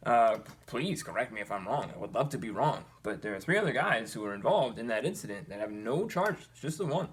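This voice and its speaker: A young man earnestly talking to his viewers, animated and exasperated, with his pitch climbing when he gets worked up. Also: a little fast, few pauses, breathy edge. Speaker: vlogger. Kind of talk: personal commentary to camera.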